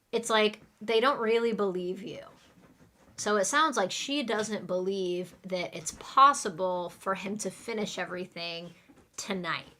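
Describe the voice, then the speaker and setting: A woman's voice: mid-range voice, bright, forceful tone. A woman English teacher giving a live online lesson, explaining words in plain terms and leading repeat-after-me drills.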